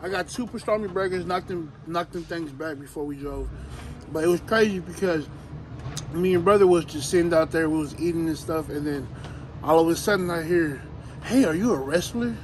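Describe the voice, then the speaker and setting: Animated man telling wrestling stories, noisy. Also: fairly high pitch, brisk. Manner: animated, laughing storyteller acting out others' voices. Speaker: professional wrestler, guest. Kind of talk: casual storytelling chat. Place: outdoors, hot day.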